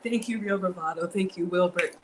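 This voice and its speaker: A woman's voice: fairly low pitch, a little fast, slight background noise, rough recording. A woman, cooking at home on a livestream, chatting and thanking her viewers. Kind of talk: casual livestream cooking chat. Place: home kitchen.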